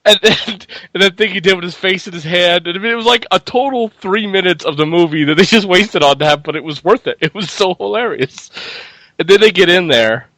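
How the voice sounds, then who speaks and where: Male co-host, raised pitch, dry sound, giggly storyteller. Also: fairly quick, pushed and bright, no echo. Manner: laughs often while retelling scenes. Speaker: co-host film reviewer. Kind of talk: casual chat.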